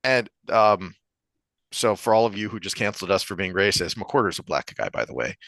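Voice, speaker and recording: Podcast co-host, man, low voice, dry sound, casual and animated. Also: brisk, no echo. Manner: animated storyteller, acts out joke characters. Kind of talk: casual opinion talk.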